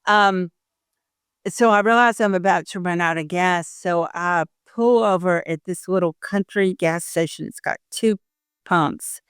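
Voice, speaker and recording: An older woman tells animated stories as a podcast guest, jumping into the voices of the people in them. Her voice is smooth and clear. The sound is dry and close to the mic. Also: fairly low pitch, measured pace, dry recording. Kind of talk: casual interview chat.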